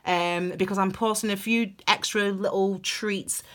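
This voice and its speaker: A woman's voice: medium pitch, steady tone, a little slow. A woman giving a chatty, gushing tarot reading to her viewers, calling them her darlings. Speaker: tarot reader. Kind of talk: casual tarot reading to camera.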